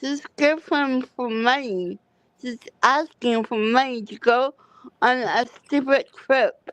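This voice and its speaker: A woman's voice: a little high, slow pace, clean tone, dry recording, low-quality recording. A woman dropping in on a livestream, chatting casually and sharing gossip. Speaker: drop-in guest.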